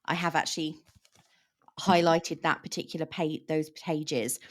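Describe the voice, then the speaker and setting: A woman discussing a novel in relaxed conversation, explaining points carefully. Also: sits low, unhurried. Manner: explanatory, thoughtful. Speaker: book discussion host. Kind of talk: casual book chat.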